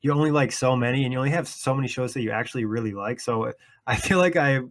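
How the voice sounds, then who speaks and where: A man's voice: medium pitch, fast talker, slight background noise. A man hosting a casual podcast, asking questions in an easygoing way and laughing often. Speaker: podcast host.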